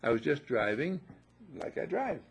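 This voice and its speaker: A man's voice: mid-range voice, big pitch swings, normal speed, gravelly, slight background noise. An older man telling folksy stories in a casual motivational talk, repeating upbeat affirmations. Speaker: motivational speaker.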